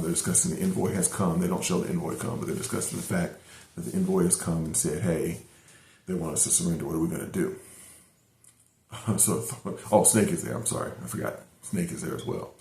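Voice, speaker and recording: Middle-aged male reviewer, low gravelly voice, rambling casual recap in a roomy echo. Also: steady tone, brisk, warm tone, slight background noise. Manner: rambling retelling with many fillers and restarts. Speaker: anime reviewer.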